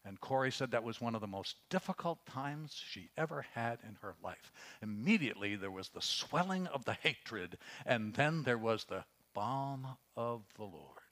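A pastor preaching a sermon, reading scripture and telling stories, dropping to a hush and then rising for emphasis. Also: male voice, mid-range voice, expressive, normal speed, few pauses. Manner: earnest preaching, swings from hushed storytelling to raised emphasis; reads scripture aloud, with fillers and restarts.

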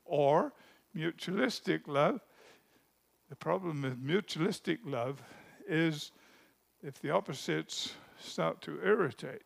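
A man preaching a sermon, telling stories and shifting from a hushed voice to emphatic rises. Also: sits high, animated, slow pace, gravelly. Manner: storytelling, drops to a hush for anecdotes then rises with emphasis.

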